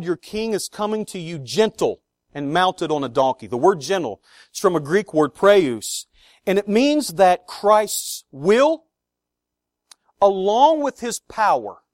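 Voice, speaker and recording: A man preaching a sermon to his congregation, earnest, with slow emphatic stresses on key words. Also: high voice, darkish tone, no echo, studio quality. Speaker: pastor.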